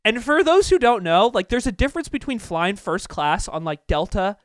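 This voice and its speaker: A young man tells a story in a high, notably clear voice, animated and profane, with plenty of fillers. The sound is dry and close. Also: moderate pace, no room sound. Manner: animated, profane anecdote-telling with many fillers. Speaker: podcast host. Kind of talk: casual storytelling.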